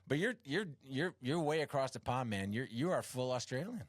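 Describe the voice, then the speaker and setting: A man's voice: fairly high pitch, fairly quick, few pauses, no echo. A man hosting a casual comedy interview show, rambling with frequent restarts and self-deprecating jokes. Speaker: host.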